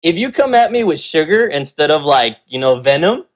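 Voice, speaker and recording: Brief: man, slightly high voice, casual podcast storyteller, lively quotes, lots of "like". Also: moderate pace. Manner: animated storyteller, acts out quotes, many fillers. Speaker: game store co-owner.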